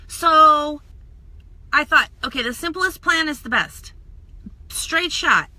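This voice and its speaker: A woman talking casually to viewers in a live stream, chatty and energetic, speaking straight to the camera. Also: a little high. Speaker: social media coach and makeup seller.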